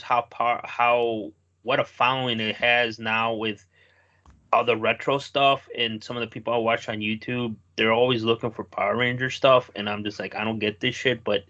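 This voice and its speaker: Bright-voiced man, loose and swearing. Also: medium pitch. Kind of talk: casual chat. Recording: dull lo-fi recording.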